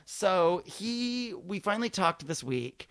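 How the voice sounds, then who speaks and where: A man hosting a show, telling a story in a casual, animated and profane way. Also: high voice, slow, dry recording. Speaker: podcast host. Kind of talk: casual chat.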